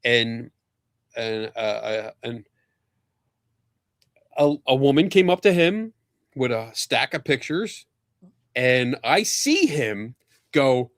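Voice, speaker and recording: A man hosting a podcast, telling a casual anecdote, animated and laughing often, acting out other people's lines. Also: medium pitch, slow, long pauses, dry recording, clean studio sound. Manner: animated storyteller, laughs often, acts out quotes. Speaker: podcast host.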